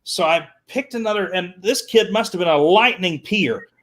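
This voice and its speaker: A man telling animated stories as a guest on a talk show, repeating words and acting out the people he quotes. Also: high voice, moderate pace, heavy background noise. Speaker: guest, children's entertainer. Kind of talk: animated storytelling.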